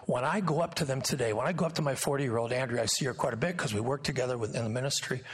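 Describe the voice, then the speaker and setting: An older man preaching a sermon, moving between impassioned acted-out scenes and quiet, intimate storytelling. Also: medium pitch, rapid-fire, husky. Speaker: guest pastor. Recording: church sanctuary sermon audio.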